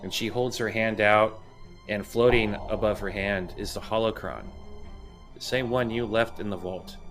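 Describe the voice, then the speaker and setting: A man narrating a tabletop role-playing game as game master, calm and descriptive, with frequent "uh". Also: fairly low pitch, moderate pace, soft background music.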